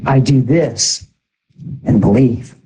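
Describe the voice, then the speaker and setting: A man preaching a sermon in an animated way, exhorting the congregation with asides. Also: medium pitch, takes it slowly, slightly rough, low-quality recording.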